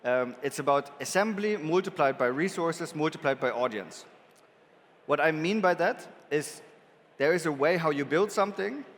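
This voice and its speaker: A man's voice: a little high, expressive, moderate pace, long reverb tail. German-accented man giving a conference talk. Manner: casual, joking, many filler ums. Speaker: conference speaker. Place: large conference hall.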